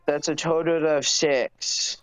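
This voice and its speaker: A man's voice: on the high side, steady tone, slow pace, a bit bright, smooth, faint music behind. A man player in a tabletop game, talking through rolls and hit points matter-of-factly. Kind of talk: casual tabletop chat.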